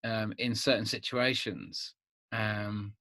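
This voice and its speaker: A man in his fifties, a vlogger talking to camera in a rambling, animated way with many restarts. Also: fairly low pitch, slow pace, no echo. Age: 50s. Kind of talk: casual monologue to camera.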